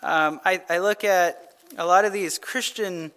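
A male pastor giving a conversational Bible teaching, retelling scripture in a casual, animated way and often checking in with "right?". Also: high voice, a little slow.

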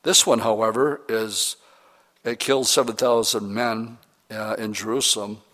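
A middle-aged man preaching as a pastor, reading scripture slowly and then explaining it in plain, conversational words with questions to the congregation. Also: fairly low pitch, steady tone, pushed and bright. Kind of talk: verse-by-verse Bible teaching sermon.

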